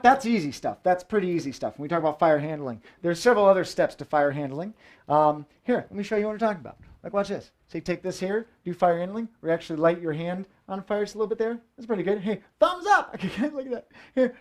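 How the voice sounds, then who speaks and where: A man hosting a live variety show from a room at home, joking through his fire tricks. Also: high-pitched. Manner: jokey, playful, theatrical asides. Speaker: host and fire performer.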